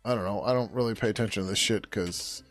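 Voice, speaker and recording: A tired man on a casual coding livestream, swearing, laughing and muttering code names as he works, his throat getting hoarse. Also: on the low side, fast, fairly bright tone, a little hiss or hum. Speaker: livestreaming programmer.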